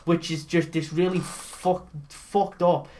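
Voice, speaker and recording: Animated, sweary man recapping a film. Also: on the high side, slow pace, slight background noise. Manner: animated, swearing, mimics characters mid-story. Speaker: podcast co-host. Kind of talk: casual comedic recap.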